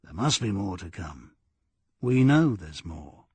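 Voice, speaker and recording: A man's voice: deep voice, very animated, slow, darkish tone, husky, no room sound, pitched below the performer's own voice, exaggerated voice. A man playing a blunt, persistent police detective in an audiobook, pressing with firm questions.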